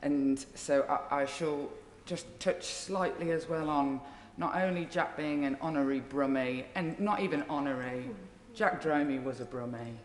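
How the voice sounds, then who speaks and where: A woman's voice: low voice, moderate pace, few pauses, a little hiss or hum. A woman with a Birmingham accent, a member of parliament giving a tribute speech that mixes fond jokes with laughter. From Birmingham, England. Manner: warm, joking, laughs between phrases. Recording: echoey chamber with long reverb.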